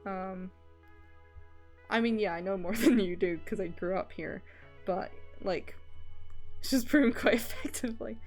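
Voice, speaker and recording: A woman's voice: mid-range voice, unhurried, long pauses, faint music behind. A woman from Scotland with an Edinburgh-area Scottish accent, chatting casually on a livestream, rambling with lots of fillers and casual swearing. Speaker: streamer. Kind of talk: casual livestream chat while drawing.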